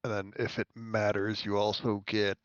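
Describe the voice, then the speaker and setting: A man's voice: on the low side, flat delivery, moderate pace, a little hiss or hum. A man playing a tabletop game, muttering to himself as he checks his notes. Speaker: player. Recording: dull, dry sound.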